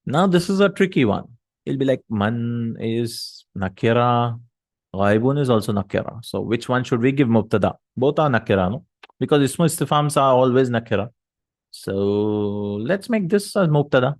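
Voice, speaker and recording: A man's voice: medium pitch, lively intonation, normal speed, a little mellow, no echo. A man teaching Arabic grammar in a recorded lesson, explaining step by step and answering his own questions.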